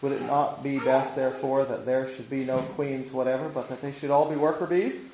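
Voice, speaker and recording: A man reading an old-fashioned storybook aloud in a measured, steady way. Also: medium pitch. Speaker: narrator. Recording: echoey room with faint noise.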